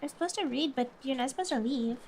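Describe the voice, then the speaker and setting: A woman's voice: high voice, fast talker, a little mellow, a little hiss or hum. A woman streamer chatting casually and reading aloud, often breaking off to giggle.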